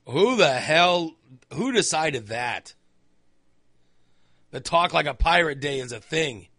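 A man's voice: a little high, lively intonation, slow pace, sharp tone, no room sound. A man hosting a talk show, delivering an opinionated monologue in a ranting, sarcastic, exasperated way into a studio microphone.

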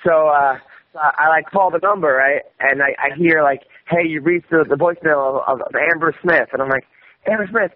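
A man telling a rambling, animated story in casual conversation, swearing often and restarting his sentences. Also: on the high side, fairly quick. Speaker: guest comedian. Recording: dull radio-style audio with faint noise.

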